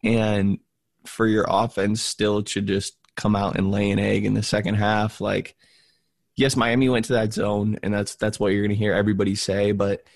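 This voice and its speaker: A man co-hosting a basketball podcast, groggy with his morning voice and rambling through halting restarts. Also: fairly low pitch, little pitch movement, dry recording. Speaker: podcast co-host. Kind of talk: casual sports podcast chat.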